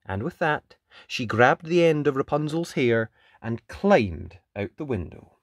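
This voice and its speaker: A storyteller reading a children's picture book aloud, expressive, with whispered sound effects. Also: mid-range voice, measured pace, dry recording, clean studio sound.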